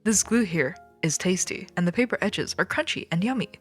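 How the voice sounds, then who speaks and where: A woman's voice: on the low side, lively intonation, fairly quick, breathy edge, soft background music. A woman reading aloud, voicing a prim older sister mouse who gives lessons. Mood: teacherly.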